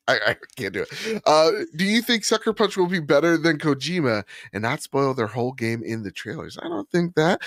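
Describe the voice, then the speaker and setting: A man's voice: on the high side, big pitch swings, normal speed, a bit bright, no room sound, clean studio sound. A man co-hosting a casual gaming podcast, joking around and laughing often. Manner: laughing, joking, tries fake accents. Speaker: podcast co-host.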